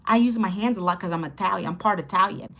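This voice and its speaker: This fast-talking woman in her fifties has a mid-range voice and hosts a relaxed livestream about online income. Upbeat and talkative, she says hello to viewers and repeats phrases as she explains.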